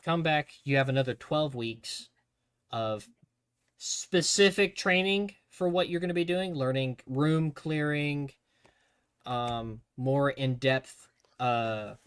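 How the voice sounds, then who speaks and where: A man telling army training stories to his stream in a casual, profane, animated way. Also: medium pitch, takes it slowly, smooth.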